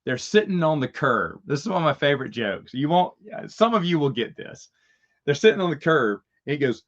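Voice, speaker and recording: A man's voice: mid-range voice, very animated, a little fast, a bit bright, lo-fi sound. A man hosting a casual Q&A chat, rambling through stories and chuckling at his own jokes. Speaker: host answering viewer questions.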